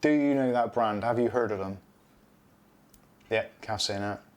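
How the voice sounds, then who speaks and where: A man's voice: lowish voice, moderate pace, slight background noise. A middle-aged British man hosting a casual live stream, rambling chattily and reading out viewer comments.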